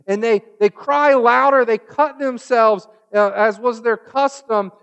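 High-voiced male preacher. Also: a little slow, vocal fry, few pauses, clean tone. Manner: builds to loud mocking retellings, then drops to a hushed close. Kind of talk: sermon.

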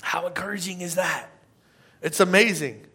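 A man delivers a sermon in a chatty, energetic way, often tossing in "right?" to the crowd. His voice sits high and sounds bright and forward. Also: normal speed, breathy edge. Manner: energetic, conversational, tag questions. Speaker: pastor.

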